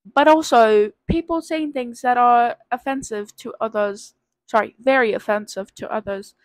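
A woman's voice: on the high side, moderate pace, dry recording, low-quality recording. A nineteen-year-old woman, sick with covid, rambling hesitantly as she takes a quiz aloud in a casual vlog. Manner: rambling, hesitant, self-deprecating. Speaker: vlogger.

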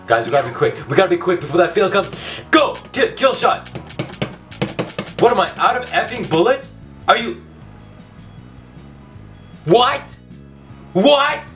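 A man commentating his own gameplay for a comic video, loud and excitable, ranting and yelling at the game, his voice going hoarse. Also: fairly high pitch, distant mic. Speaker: gaming video host.

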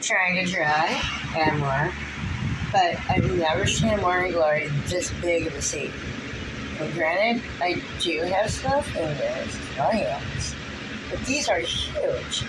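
A woman's voice: on the low side, expressive, slow, very noisy. A woman vlogging casually about her pets, chatty and easygoing, slipping into baby talk with them. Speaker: vlogger and pet owner. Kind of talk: casual vlog chat.

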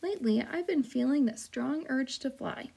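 A woman voicing a curious young male gosling in a storybook read-aloud, asking questions in quick bursts. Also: sits high, animated, creaky, warm tone, breathy edge, heavily acted.

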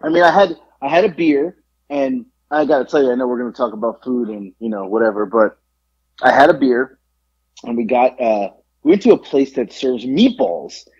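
A man co-hosting a podcast in casual chat, telling a story with lively acted-out quotes and free swearing. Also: medium pitch, normal speed, slightly rough, highs cut off. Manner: animated storyteller, acts out quotes, swears freely. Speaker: podcast co-host.

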